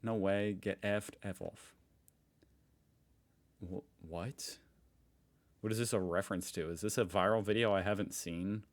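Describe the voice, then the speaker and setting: A young American man with a somewhat low voice talks through a reaction video in a loose, chatty way. He sounds curious and easily amused, thinking out loud as he goes. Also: fairly even intonation, measured pace, long pauses. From United States. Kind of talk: casual reaction commentary.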